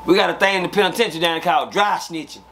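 Texas man, higher voice, lively profane storyteller, faint hiss behind him. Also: rapid-fire, creaky. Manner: animated, profane street storytelling, acts out scenes with sound effects. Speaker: guest telling prison stories. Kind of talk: casual storytelling interview.

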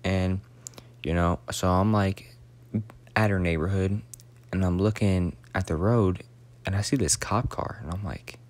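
A man's voice: deep voice, measured pace, a little mellow. A young man in his late teens telling a rambling, profane story in a casual, slangy way, sometimes dropping to a whisper.

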